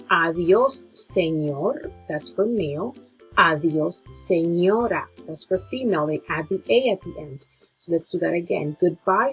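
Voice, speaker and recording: A woman, a nurse, teaching a beginner language lesson from slides, drawing out each new word slowly and repeating it. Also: lowish voice, creaky, breathy edge, rough recording. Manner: slow, drawn-out pronunciation of Spanish words.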